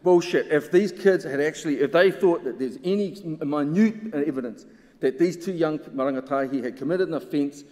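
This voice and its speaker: A man's voice: a little high, normal speed, a little mellow. Impassioned New man in a hall. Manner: impassioned and emphatic, with pointed rhetorical questions. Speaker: researcher and symposium speaker. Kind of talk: conference talk. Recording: long hall reverb.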